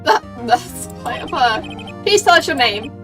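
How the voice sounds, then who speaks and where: A woman's voice: high voice, sing-song, a little slow. A woman voicing a bold young male defense lawyer in a game, speaking in an earnest, determined way, recorded a bit far from the mic with game music behind.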